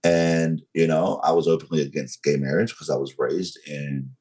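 In a slow, controlled, frank manner, a forties-aged North Carolina man with a Southern accent tells his story as an interview guest. His very deep voice is a little mellow with fairly even intonation, on a rough recording.

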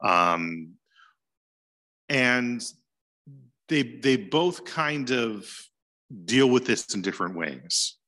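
A man's voice: mid-range voice, animated, drawn-out words, pauses often, sharp tone. A man giving an informal lecture on church history, talking conversationally and chuckling now and then.

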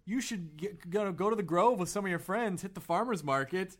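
A man's voice: high-pitched, animated. A man hosting a podcast, reading listener emails aloud and adding sarcastic jokes. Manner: quick, joking, reads letters aloud with sarcastic asides. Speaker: podcast host.

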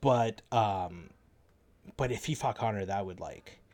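A young man hosting a casual chat, laying out his views in a relaxed way, with many "like"s and "um"s. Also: lowish voice, unhurried. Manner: relaxed, explaining, many fillers like "like" and "um".

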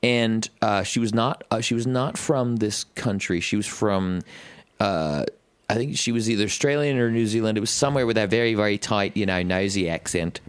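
A man's voice: lowish voice, normal speed, clean tone, dry recording. A man co-hosting a music podcast in casual chat, telling long rambling stories full of fillers and the odd swear word. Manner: rambling storyteller, heavy fillers, swears freely.

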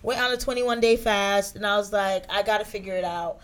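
A woman from a Haitian family hosting a casual podcast, talking in a relaxed, conversational way. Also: mid-range voice, brisk.

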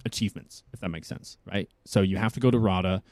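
A man's voice: low-pitched, quick pace, a little mellow, no room sound. A young man from South Africa, an actor, talking casually and rambling as an interview guest. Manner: rambling, thinks aloud.

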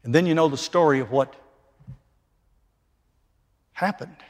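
A man preaching a sermon, emphatic, dropping from loud declarations to hushed lines. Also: a little high, a little slow. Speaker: pastor. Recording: long reverb of a large hall.

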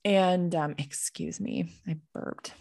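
A woman's voice: on the low side, fairly even intonation, slow, vocal fry, mellow, no room sound, studio quality. A young woman on a video call telling a story casually, chatty and full of "like", laughing when things get awkward.

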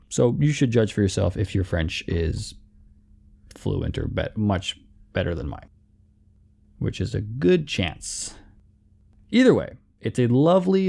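Brief: male music host, casual rambling commentary, lively swinging delivery, mellow gravelly tone. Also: lowish voice. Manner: rambling, playful, self-deprecating. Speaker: music show host and playlist curator.

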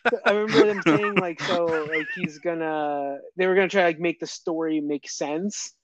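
A man's voice: on the high side, normal speed, a bit bright, highs cut off, a little hiss or hum. A man chatting casually as a podcast co-host while watching a movie, rambling and laughing often.

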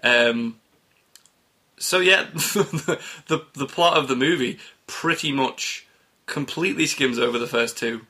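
A man's voice: medium pitch, measured pace, sharp tone. A man co-hosting a casual podcast chat, talkative, laughing often and trailing off mid-thought. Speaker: podcast co-host.

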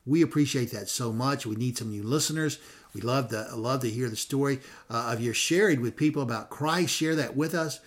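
A man's voice: mid-range voice, a little fast. A man hosting a ministry podcast, talking in a folksy, rambling way with frequent fillers and self-corrections. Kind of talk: casual podcast sign-off.

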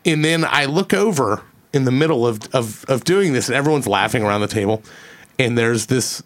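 A man's voice: mid-range voice, expressive, fairly quick. A man, telling a long story on a casual podcast, rambling, swearing and repeating his words. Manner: rambling, profane, repeats words, acts out quoted voices.

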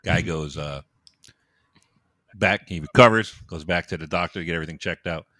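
A man trading crude jokes in a casual chat, with loud bursts of laughter and voices for the characters in his jokes. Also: deep voice, moderate pace, no echo, studio quality.

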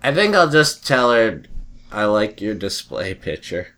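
A man's voice: fairly low pitch, sing-song, unhurried, bright, forceful tone. A man in casual chat with friends, telling stories animatedly and laughing often.

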